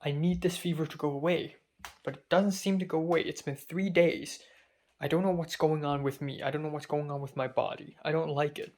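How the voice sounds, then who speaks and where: A man's voice: on the high side, fairly even intonation, brisk, a little mellow. A young man, a college student, talking through a casual spoken diary while feverish and dizzy, rambling with many fillers and restarts. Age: young adult. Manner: rambling and hesitant, full of fillers.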